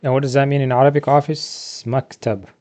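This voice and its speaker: A man teaching a beginner vocabulary lesson from slides, asking questions and then slowly repeating each word twice. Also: mid-range voice, fairly even intonation, darkish tone. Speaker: Arabic teacher.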